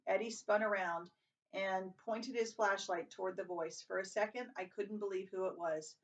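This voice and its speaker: A woman reads a novel aloud at normal speed with a steady tone, raising her pitch and volume for the dialogue and making a few slips and restarts. The home recording is distant, dull, and lo-fi.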